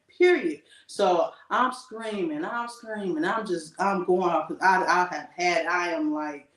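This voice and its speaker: Animated woman storytelling in echoey room. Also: medium pitch, distant mic. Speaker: podcast co-host. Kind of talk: casual podcast chat.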